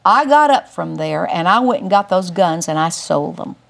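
An older woman giving a Christian teaching through a personal testimony, telling it emphatically with big swings up in pitch. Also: animated, moderate pace, gravelly, a bit bright. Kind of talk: testimony-style Bible teaching.

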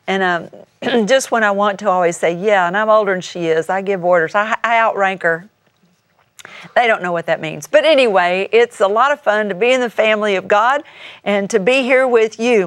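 A woman's voice: mid-range voice, no echo. An older woman and grandmother giving a folksy Bible teaching as a TV minister, citing scripture as she goes. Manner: folksy, warm-hearted teaching with scripture references.

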